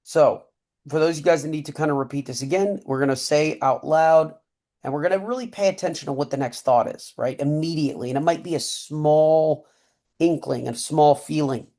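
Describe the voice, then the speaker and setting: A man's voice: on the high side, moderate pace, dark tone. A man who mentors traders, guiding a group through a breathing and mindset exercise on a webinar and checking in with "okay?" and "right?" as he goes. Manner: coaching, repeats "okay?" and "right?". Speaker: trading mentor leading a webinar.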